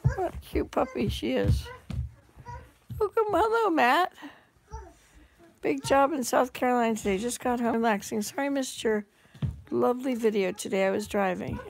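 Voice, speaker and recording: Gravelly older woman chatting live. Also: a little high, animated, moderate pace, a little hiss or hum. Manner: rambling, chatty, with frequent restarts. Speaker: vlogger host. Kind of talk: live-stream chat reading viewer comments.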